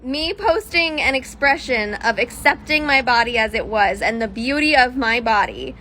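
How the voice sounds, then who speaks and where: A woman's voice: fairly high pitch, moderate pace, pushed and bright, slight background noise, rough recording. A young woman in a casual social media video, defending herself with hesitant fillers.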